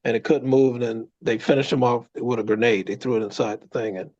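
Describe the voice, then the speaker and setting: A man co-hosting a casual podcast, telling a long story in a lively way. His voice climbs high when he quotes other people. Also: quick pace, lo-fi sound. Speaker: co-host.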